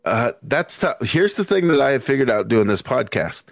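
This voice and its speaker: A man's voice: mid-range voice, big pitch swings, moderate pace, gravelly, a bit bright, dry recording. A man talking as a guest on a casual podcast, rambling loosely and swearing freely into a podcast microphone. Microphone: podcast microphone with headphones.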